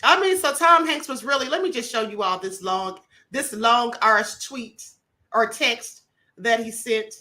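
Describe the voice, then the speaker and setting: Woman, high voice, livestream host, chatty, emphatic commentary. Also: animated, a little slow, pushed and bright. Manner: chatty, emphatic, checks in with the audience. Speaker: live stream host. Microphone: computer mic on live stream.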